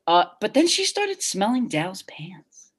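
A young woman co-hosting a podcast in casual chat, recapping events in a measured way. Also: mid-range voice, sing-song, husky. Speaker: podcast co-host.

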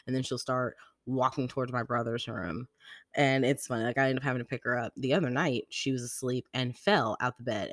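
Chatty young mom telling stories. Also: female voice, a bass voice, no room sound, studio quality. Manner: chatty storytelling, slangy, lots of "like". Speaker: podcast host. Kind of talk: casual chat.

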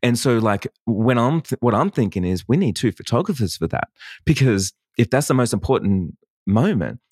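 A man hosting a casual workshop chat about client calls, animated, acting out client dialogue and laughing often. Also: mid-range voice, moderate pace, breathy edge, dry recording, studio quality. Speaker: wedding photographer and business coach.

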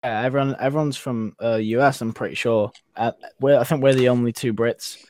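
A man's voice: mid-range voice, steady tone, a little fast, darkish tone. A young man with a Northern English accent, filling in as podcast host, talking in a laid-back, rambling, slangy way. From Northern England. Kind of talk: casual chat.

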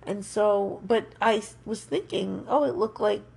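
A woman's voice: mid-range voice, a little slow, vocal fry, a little mellow, slightly rough. A woman from New York, co-hosting a podcast in playful, chatty conversation. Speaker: podcast co-host. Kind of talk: casual chat.

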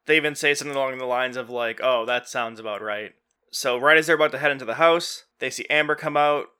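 A man's voice: a little high, steady tone, quick pace, pushed and bright, clear, resonant tone. A man hosting a podcast, casually retelling a movie plot scene by scene and loosely quoting the characters. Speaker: podcast host.

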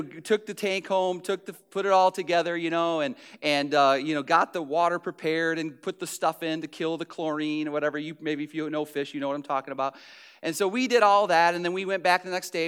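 A man's voice: on the high side, a bit bright, clean tone. A middle-aged man casually telling a personal anecdote, chatty and self-deprecating, full of fillers and restarts. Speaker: storyteller.

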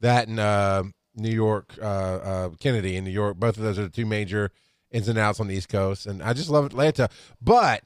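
A man's voice: fairly low pitch, moderate pace, clean tone, dry recording, clean studio sound. A man chatting casually on a podcast, self-mocking. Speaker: podcast co-host. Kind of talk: casual chat.

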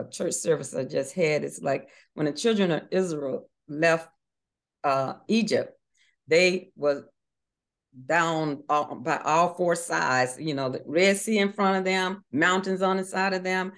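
In an interview, a middle-aged woman with a voice on the low side shares a personal faith testimony. Her delivery is earnest, full of fillers and restarts, and she raises her voice to act out the people in her story.

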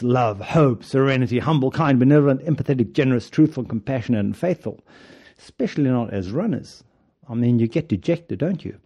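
A man's voice: mid-range voice, mellow, slightly rough. A man hosting a running podcast in a casual monologue, playful and joking, often chuckling as he tells stories. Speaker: podcast host and running coach.

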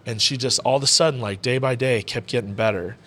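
A man's voice: mid-range voice, fast talker, a bit bright, slightly rough. Candid man telling a personal story. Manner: candid, rambling, peppered with "you know" and "bro". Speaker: podcast guest, combat sports ring announcer. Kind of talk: casual heartfelt storytelling. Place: indoor VR arcade he owns.

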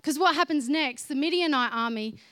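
A woman's voice: high voice, moderate pace, a bit bright, no room sound, clean studio sound. A woman preaching a conversational sermon, chatty and informal, speaking directly to her listeners.

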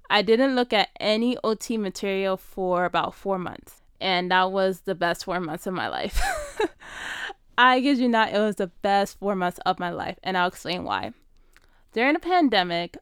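A young woman vlogger telling a personal story in a casual, animated way, often saying "like". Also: medium pitch, smooth, no echo, studio quality. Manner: animated, acts out quoted dialogue, frequent "like".

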